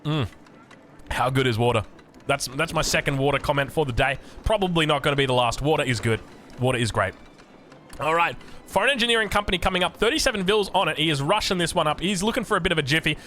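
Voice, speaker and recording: An excitable Australian man commentating a strategy game, chatty and jokey, sometimes breaking into shouts. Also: on the high side, fast, a little hiss or hum. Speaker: game caster.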